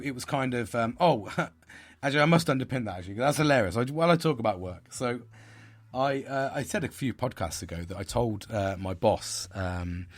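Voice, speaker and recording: A man hosting a podcast, talking in a rambling, frustrated way with many restarts and fillers. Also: lowish voice. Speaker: podcast host. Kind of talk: casual monologue.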